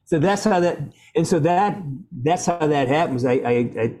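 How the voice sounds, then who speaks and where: A middle-aged man, a guest actor on a video call, telling stories with loud bursts, restarts and salty language. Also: a little high, animated, moderate pace.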